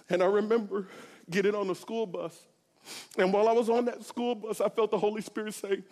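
Passionate high-voiced man in a reverberant hall. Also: steady tone, fairly quick. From Corpus Christi, Texas. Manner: passionate, swings from hushed to shouting. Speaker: church speaker giving testimony. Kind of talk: sermon testimony.

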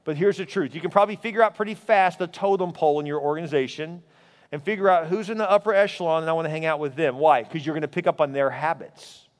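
A man preaching a sermon as pastor, telling stories in an animated way. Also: fast, in a large hall. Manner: animated storytelling, voice rising high in anecdotes.

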